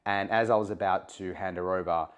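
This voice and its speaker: A man, a journalist and broadcaster, telling animated stories as an interview guest, often restarting his sentences. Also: low voice, a little fast, clear, resonant tone. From Australia. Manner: animated, eager, self-interrupting anecdotes. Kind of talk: conversational storytelling.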